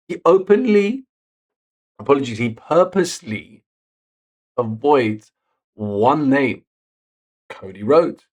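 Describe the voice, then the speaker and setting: A man recapping a wrestling show in casual narration, getting excited on the big moments and correcting himself as he goes. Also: mid-range voice, slow pace, pauses often. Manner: self-correcting, picks words as he goes.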